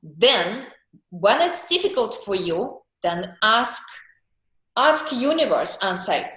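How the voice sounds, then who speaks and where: Slow, earnest woman coach in an echoey room. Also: medium pitch, very animated, a bit bright. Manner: slow, earnest, acts out emotions in little voiced monologues. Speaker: group call coach. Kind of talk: coaching talk on a group call. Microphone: video call.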